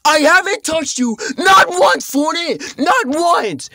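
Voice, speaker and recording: A frazzled toy doctor shrieks and yells, voiced by a young performer, his pitch leaping all over the place. The tone is bright and edgy with a husky grain. It is a homemade toy play-acting video. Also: huge pitch swings, slow pace, dry recording, heavily acted. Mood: frantic. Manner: shrill frantic yelling. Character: exasperated shouting toy doctor.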